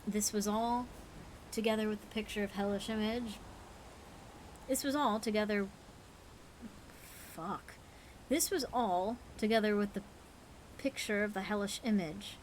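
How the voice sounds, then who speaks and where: A woman's voice: mid-range voice, steady tone, normal speed, pauses often, a little hiss or hum, low-quality recording. A tired woman reading a horror story aloud on a live stream, earnest but cursing at her own slips.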